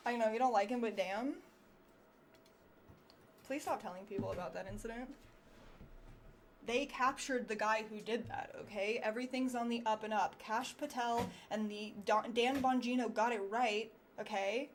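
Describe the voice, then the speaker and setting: A woman livestreaming political commentary, reading chat aloud in a sarcastic, animated way and swearing freely. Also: on the high side, normal speed, slight background noise.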